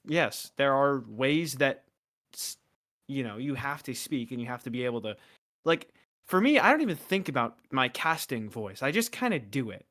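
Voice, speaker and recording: A man's voice: mid-range voice, animated, normal speed, a bit bright. A man who casts esports, chatting casually and at length, with lots of fillers and restarts. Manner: talkative, filler-heavy with restarts. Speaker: esports caster. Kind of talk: casual chat.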